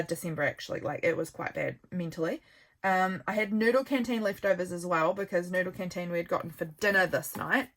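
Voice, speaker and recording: A young woman with a New Zealand accent, chatting casually and rambling as she flips through her journal, tired and yawning. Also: fairly low pitch. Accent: New Zealand English. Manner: chatty, rambling, warm asides to viewers. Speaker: journaling vlogger. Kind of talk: casual flip-through chat. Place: home.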